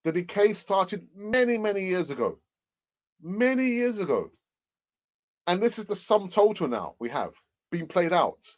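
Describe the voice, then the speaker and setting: A man hosting a football fan livestream in casual chat. He is excitable and often repeats his phrases for emphasis. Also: high-pitched, moderate pace, dull audio. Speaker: football fan channel host.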